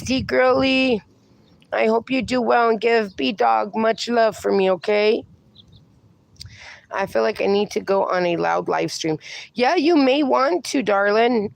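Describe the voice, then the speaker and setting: A woman livestreaming in a casual, chatty way, talking to her dogs and to her viewers, her voice going hoarse. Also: mid-range voice, a little hiss or hum. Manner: chatty, talks to her dogs and reads viewer comments aloud.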